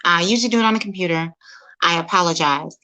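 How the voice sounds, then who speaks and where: A woman from St. Louis, a guest speaker, talking casually over a phone livestream, halting with many fillers and restarts. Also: lowish voice, pushed and bright, poor audio. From St. Louis, USA.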